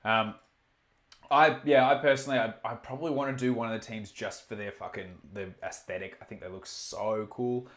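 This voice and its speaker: A man hosting a casual live stream, talking in quick bursts, swearing and restarting his sentences. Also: on the low side, roomy sound. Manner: animated, swearing, self-interrupting. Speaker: stream host reading chat. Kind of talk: casual chat.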